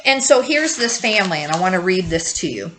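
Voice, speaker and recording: A woman's voice: fairly low pitch, big pitch swings, fairly quick, a bit bright, a little hiss or hum, poor audio. A woman in her fifties hosting a grief-support video, talking candidly to the camera and rambling in circles with frequent restarts. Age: 50s. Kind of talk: candid personal talk to camera.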